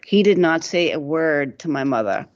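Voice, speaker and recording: Over dull, lo-fi radio audio, a middle-aged co-host rambles through casual stories, laughing often and leaning on "like" as a filler. She speaks in a low, animated voice at a moderate pace.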